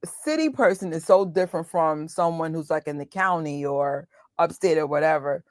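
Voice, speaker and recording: Casual New York woman in her thirties, talky stream host, low register, no room. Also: normal speed, dry recording, studio quality. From New York, USA. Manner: chatty, laughing, quotes voices. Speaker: watch party host. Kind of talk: casual chat with live viewers.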